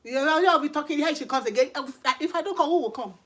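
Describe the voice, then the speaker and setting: A woman with a Nigerian accent delivers an informal sermon with a high voice. She is middle-aged, emphatic and animated, hammering her points with repeated rhetorical questions. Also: fast. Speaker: channel host and lay preacher. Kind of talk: informal preaching to camera.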